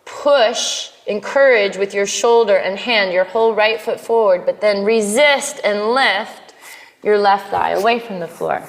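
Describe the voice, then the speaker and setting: A woman teaching a live yoga class, cueing poses in a playful way with quick asides. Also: mid-range voice. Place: yoga studio. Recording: long hall reverb in studio.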